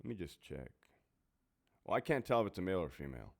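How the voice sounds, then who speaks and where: A middle-aged man chats casually and bluntly, swearing freely and laughing at himself. His voice sits low but swings widely in pitch, animated as he tells stories from his prison job. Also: fast. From California. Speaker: former prison officer answering viewer questions. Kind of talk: casual Q&A chat.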